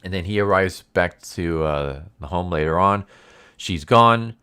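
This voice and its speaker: A man with a low voice talks through a comic's plot in a loose, offhand way, stumbling over restarts and filling pauses with ums and likes. His tone stays smooth and resonant, and he drops in dry, sarcastic remarks along the way. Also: sharp tone. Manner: rambling, frequent fillers and restarts. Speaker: comic book reviewer. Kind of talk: casual commentary recap.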